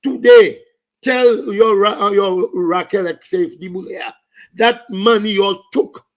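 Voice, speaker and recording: A high-pitched man with a Saint Lucian accent talks a little slowly while ranting fervently about politics. The commentator slips into Creole and French along the way.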